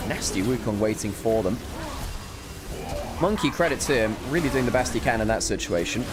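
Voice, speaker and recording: Man, from Wales, esports analyst, relaxed, thoughtful, music in background. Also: on the low side, a little fast. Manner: relaxed analytical, hesitant fillers. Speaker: esports caster. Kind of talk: color commentary.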